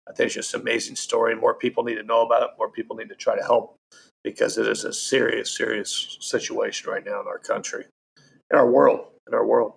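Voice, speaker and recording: A male podcast host with a gravelly, creaky voice talks earnestly in a casual interview. He repeats himself a little as he asks his guest questions. Faint noise sits behind him. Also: medium pitch, flat delivery, fairly quick.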